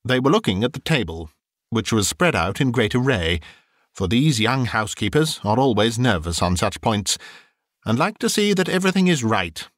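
This is an audiobook reading by a man with a medium-pitched voice at normal speed. The delivery is expressive storytelling, and the recording is dry and studio quality.

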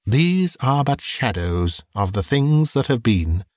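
Mild ghostly spirit voiced by a man, soft and calm, lowered quiet voice, slow, dry storybook reading. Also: dry recording.

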